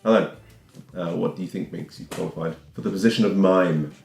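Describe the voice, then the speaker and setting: Deep man, dry polite interviewer, improv comedy, roomy sound. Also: brisk, creaky, a little mellow, faint music behind.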